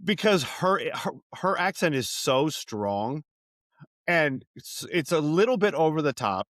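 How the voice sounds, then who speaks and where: A man's voice: a little high, a little slow, dry recording, studio quality. A man co-hosting a podcast, talking casually about a film, swearing freely and slipping into bits of other voices. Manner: animated, swears casually, drops into impressions. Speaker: podcast co-host. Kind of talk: casual movie chat.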